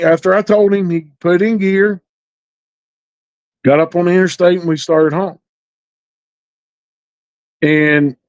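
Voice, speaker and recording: A middle-aged man with a somewhat high voice tells a story as a podcast guest. He speaks plainly in rural grammar and pauses to find his words. The sound is dry and close, on a dull, lo-fi recording. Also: no room sound. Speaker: interview guest.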